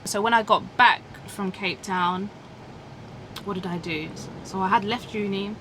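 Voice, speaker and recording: A woman telling a lively story as a guest in a taxi, acting out the voices of the people she met. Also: mid-range voice, unhurried, a little hiss or hum, low-quality recording. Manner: animated, acts out quoted voices, says "innit". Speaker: guest passenger. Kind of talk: casual storytelling chat. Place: inside a taxi.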